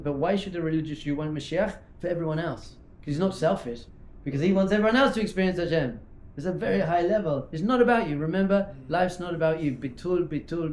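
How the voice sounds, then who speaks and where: A rabbi teaches informally in an echoey yeshiva hall, his lively, conversational delivery punctuated by little acted-out exchanges that illustrate each point. His voice is mellow, though fairly high-pitched for a man.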